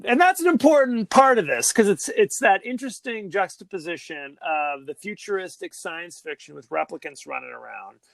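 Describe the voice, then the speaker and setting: A man's voice: high voice, animated, moderate pace, gravelly, hardly any pauses, fairly bright tone, no room sound. A man co-hosting a podcast, chatting casually with a jokey manner. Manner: jokey, reads a quote aloud. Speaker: podcast co-host. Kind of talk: casual chat.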